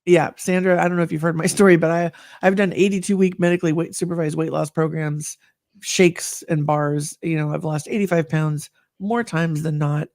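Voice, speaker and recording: A woman guest telling her story in a candid conversation, earnest and animated. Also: deep voice, normal speed, dry recording, clean studio sound.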